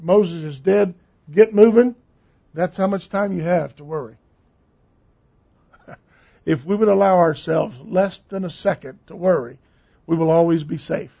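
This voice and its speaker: A man's voice: on the high side, creaky, mellow, breathy edge. An older man preaching a sermon with emphatic, repeated phrases. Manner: emphatic, repeating key words. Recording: dull lo-fi sound.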